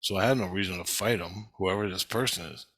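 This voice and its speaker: A man's voice: low-pitched, brisk, a bit bright, no echo. A man telling a long story about his dreams, rambling and swearing, acting out what people said. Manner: rambling, swears a lot, acts out quoted lines. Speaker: vlogger recounting dreams. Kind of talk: rambling monologue.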